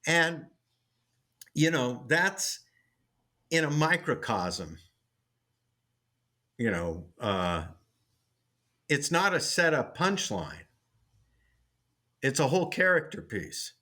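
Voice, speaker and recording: A man's voice: a little high, slow pace, pauses often. Male sitcom writer telling a story. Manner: animated storyteller with restarts. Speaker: guest, sitcom writer and teacher. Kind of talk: interview, storytelling.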